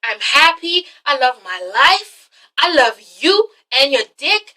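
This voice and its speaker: A woman acts out an excited young woman in a very high, bright, piercing voice, loud and emphatic, exclaiming that she is happy. The voice sits a little away from the mic. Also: slow pace, distant mic, full character voice, low-quality recording. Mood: insistent.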